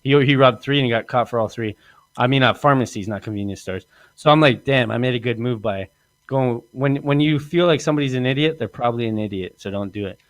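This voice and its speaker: A man's voice: medium pitch, fast talker, dry recording. Man, podcast host, boastful storyteller, acts out quotes, laughs a lot. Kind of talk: comedic storytelling chat.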